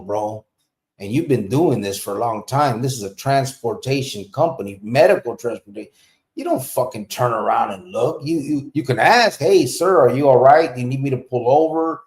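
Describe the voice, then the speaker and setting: A man hosting a podcast, telling a story in a casual, profane, animated way. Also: mid-range voice. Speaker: podcast host. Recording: roomy echo.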